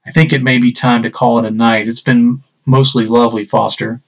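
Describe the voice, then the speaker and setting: Awkward young fanboy read by a man: flat delivery, dull distant-sounding recording. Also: mid-range voice, a little fast, lightly acted. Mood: polite. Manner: plain read-aloud dialogue.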